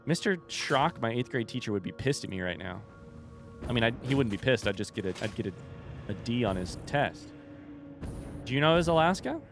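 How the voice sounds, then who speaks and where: A man's voice: mid-range voice, animated, a little fast, gravelly, music in the background. A young man streaming a game, chatting casually with his viewers in a rambling, joking way and often breaking off mid-sentence. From United States. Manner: rambling, self-interrupting, joking asides. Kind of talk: casual livestream chat with viewers.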